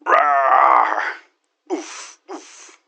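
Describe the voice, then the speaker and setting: A man's voice: a little high, very animated, extremely slow, creaky, bright, forceful tone, slightly rough, no echo, heavily acted. A man voicing a cocky, gun-loving male space marine hero who brags, wisecracks and makes his own gun sound effects in an in-character game monologue.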